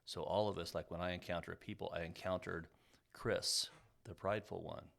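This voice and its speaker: A man's voice: sits low, fairly even intonation, moderate pace, creaky, a bit bright. A middle-aged man co-hosting a podcast, talking in an emphatic, motivational way that builds to fervent bursts. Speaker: podcast co-host. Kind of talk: casual conversation.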